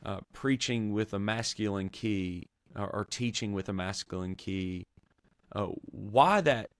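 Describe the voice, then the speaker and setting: Male pastor-host, low voice, earnest and measured, dry recording. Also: no room sound. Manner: measured, earnest, with frequent fillers and restarts. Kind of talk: conversational theology discussion.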